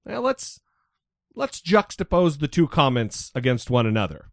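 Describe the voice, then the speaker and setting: A man's voice: a little high, sing-song, moderate pace, creaky, dry recording, studio quality. A man co-hosting a podcast, talking casually and mocking the news with sarcasm. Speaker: podcast co-host.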